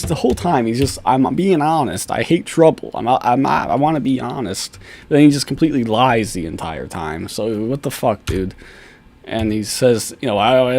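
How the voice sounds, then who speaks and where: A man's voice: fairly low pitch, darkish tone. A man giving an angry, profane video commentary, mocking and laughing with scorn. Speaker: YouTube commentator.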